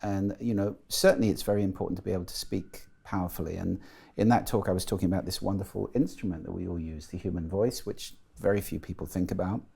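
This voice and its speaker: A middle-aged man talks as an interview guest, articulate and enthusiastic. His voice sits low with a gravelly edge and a dark, mellow tone. He explains ideas readily. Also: fairly even intonation, quick pace. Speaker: guest, voice and sound expert.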